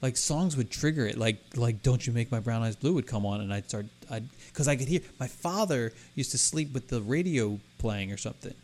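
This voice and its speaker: Rambling, lively-voiced male podcast co-host. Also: medium pitch, a little fast, few pauses, slight background noise. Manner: rambling, self-interrupting storyteller. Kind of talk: casual chat.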